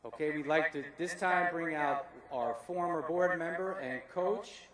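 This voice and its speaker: A man's voice: a little high, unhurried, over a noisy crowd. A man emceeing a ceremony at an outdoor ballfield, upbeat and emphatic. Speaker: master of ceremonies. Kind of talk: ceremony announcing over a PA. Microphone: PA microphone heard from afar. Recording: very echoey PA from far off.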